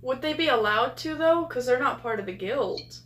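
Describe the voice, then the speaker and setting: A woman's voice: high voice, expressive, normal speed, fairly bright tone. A woman playing a tabletop role-playing game, chatting casually and laughing with her group. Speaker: player.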